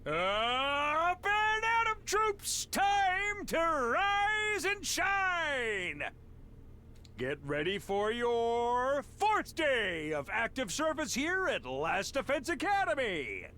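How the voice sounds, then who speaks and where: Cast: theatrical military announcer, lively pitch, slow delivery. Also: male voice, slight background noise, full character voice. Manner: barking, theatrical military pep talk. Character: booming male drill-sergeant announcer. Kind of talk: game voice acting.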